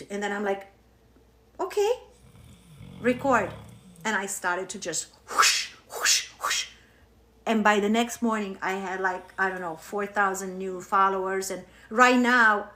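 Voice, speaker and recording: A woman hosting a live stream from home as a spiritual coach, telling a story in a candid, animated way and swearing freely. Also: fairly high pitch. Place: at home on her couch. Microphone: phone.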